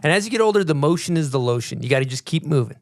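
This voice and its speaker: A man hosting a casual podcast, reading a sponsor spot and chatting with guests, upbeat and quick to laugh. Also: a little high, expressive, no echo, clean studio sound. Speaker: podcast host. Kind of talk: casual podcast chat and ad read. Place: small podcast studio.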